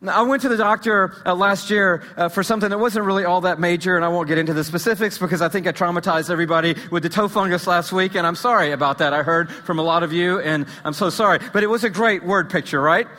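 A man preaching a sermon, an animated storyteller with humorous asides who sometimes drops to a hushed intensity. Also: high-pitched, fast talker, hardly any pauses. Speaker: pastor. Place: church sanctuary. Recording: long reverb of a large church hall.

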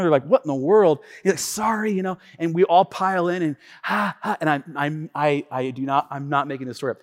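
A male pastor delivers a sermon in a fairly high voice, with his words trailing off into a long reverb in a church hall. He tells his story with many stumbles and restarts, dropping to quiet asides and then rising to excited, loud retelling.

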